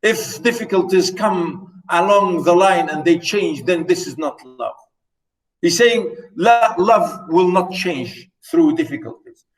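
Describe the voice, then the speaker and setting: High-voiced, unhurried man lecturing on poetry. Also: lively intonation, distant mic, low-quality recording. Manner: enthusiastic, reads verse slowly and emphatically; repeats words and phrases for emphasis. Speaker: literature lecturer.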